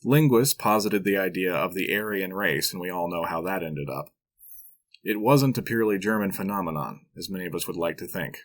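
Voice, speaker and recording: A man with a low, deep voice reads a scripted history narration as a podcast host. He keeps it measured and explanatory, dropping in dry, wry asides along the way. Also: lively intonation.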